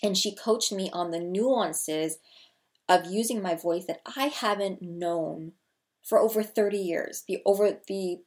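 A woman's voice: mid-range voice, unhurried. Woman in her 30s, people skills coach, eager and emphatic, likes to say things twice. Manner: energetic, emphatic, repeats key phrases. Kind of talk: scripted-feeling casual vlog talk to camera.

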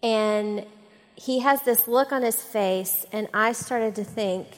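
Animated woman telling a story in an echoey hall. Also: on the high side, slow pace. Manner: animated, self-mocking anecdote teller. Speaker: pastor's wife and mother on a church panel. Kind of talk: storytelling on a stage. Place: church hall.

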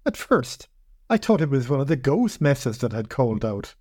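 A man narrating a first-person fantasy story in a measured, reflective way. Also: medium pitch, big pitch swings, mellow, dry recording, studio quality. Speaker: podcast narrator.

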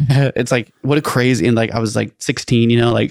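A man's voice: medium pitch, steady tone, normal speed, creaky, a little mellow, dry recording, studio quality. A man co-hosting a podcast, telling a story in casual, rambling chat, full of fillers and acted-out quotes. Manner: rambling, filler-heavy, acts out quoted voices. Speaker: podcast co-host.

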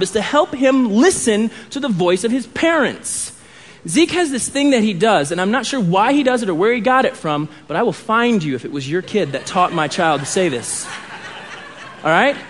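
A man with a notably high voice preaching a sermon. He speaks expressively and drops to a hushed tone on key points. He acts out the dialogue when he reads scripture. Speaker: pastor.

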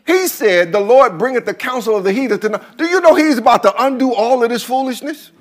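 High, lively preaching pastor. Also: male voice, brisk. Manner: preaches in rising chants and shouts, repeating phrases. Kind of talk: sermon.

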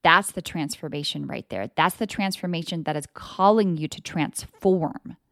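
Low and creaky, a woman speaks at a normal speed on her motivational podcast, coaching about energy in a casual, emphatic way full of swearing and loud mock voices. The audio is clean studio sound without any room reverb.

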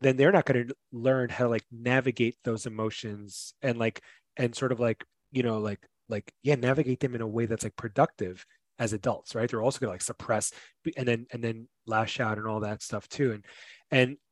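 A man's voice: mid-range voice, fairly even intonation, a little fast, dry recording. A man who is a guest on a casual podcast, talking thoughtfully and loosely, with a lot of "like" fillers. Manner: casual, thoughtful, heavy use of "like".

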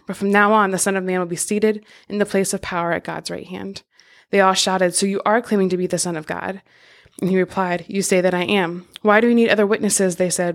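Flat, steady woman reading scripture. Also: mid-range voice. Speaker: podcast co-host reading scripture.

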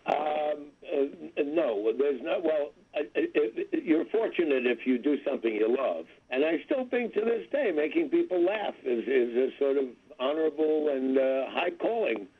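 A man's voice: a little high, lively intonation, a little slow, breathy edge. A man in his seventies, a comedian calling in as guest, talking in a wry, rambling way with self-deprecating asides. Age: 70s. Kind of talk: phone-in interview chat. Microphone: telephone. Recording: tinny phone line.

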